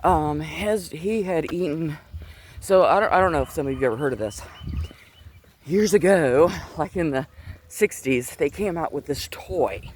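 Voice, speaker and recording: Out walking on a cold day, a middle-aged faith vlogger talks earnestly through a personal story of faith, slightly breathless and restarting many times. His voice is a little high, and his Bluetooth earpiece picks up slight background noise.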